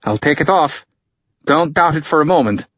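A cold female sniper snaps short, commanding threats, as a male narrator puts her on. The voice sits noticeably higher than his usual register, with a husky grain. The recording is dull and lo-fi. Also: animated, normal speed, fairly bright tone, no echo. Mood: threatening. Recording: dull lo-fi audio.

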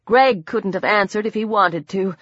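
A woman narrating a horror novel in a measured, dramatic reading. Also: a little high, fairly bright tone, no room sound. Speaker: audiobook narrator. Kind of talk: scripted narration. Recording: dull dry audiobook recording.

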